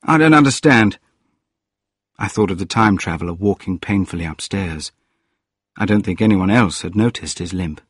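Male audiobook narrator, deep and breathy, measured delivery. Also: no echo, studio quality. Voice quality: calm, measured reading. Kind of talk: scripted narration.

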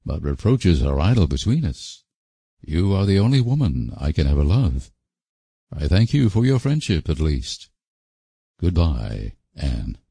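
A man's voice: rumbling low, big pitch swings, a little slow, vocal fry, mellow, breathy edge, dry recording, studio quality, heavily acted. A man reading an audiobook voices a young man who speaks stiffly and bitterly after being refused. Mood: wounded. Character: young man, proud and wounded.

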